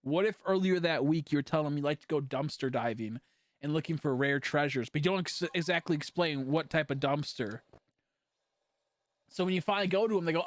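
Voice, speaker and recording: Young man, livestream chat, rambling, jokey, slightly high voice. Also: fairly quick, dry recording. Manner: rambling, jokey, laughs often. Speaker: streamer.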